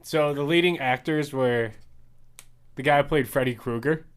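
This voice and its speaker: A young man co-hosting a casual podcast, telling animated stories and laughing through them. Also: medium pitch, normal speed, smooth. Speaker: podcast co-host. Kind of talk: casual chat.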